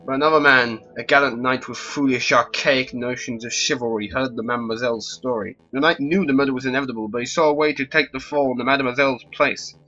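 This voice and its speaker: A man voicing a suave, theatrical male fox con artist with a smooth, grandly dramatic delivery, in a game. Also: mid-range voice, steady tone, quick pace, hardly any pauses, pushed and bright, muffled recording, soft background music. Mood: storytelling.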